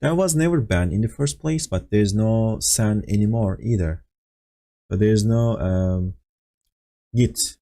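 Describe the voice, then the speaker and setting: A man's voice: fairly low pitch, slow, dark tone. A man teaching a language lesson over an online voice call, explaining patiently with fillers and acting out example phrases. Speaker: Turkish teacher. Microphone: voice call on Discord.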